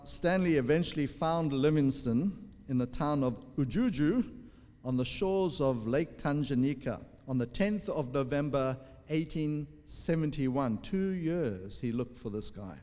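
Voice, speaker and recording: A man preaches a teaching sermon with a slightly raised pitch, explaining each point step by step with short filler pauses. His voice rings out with a long hall reverb. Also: darkish tone. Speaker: pastor.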